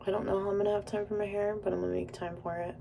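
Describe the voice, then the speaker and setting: A woman's voice: mid-range voice, little pitch movement, racing, gravelly, mellow, recorded from a distance, slight background noise. A young woman vlogging casually while doing her makeup, rambling, giggling and swearing freely. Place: indoors at home.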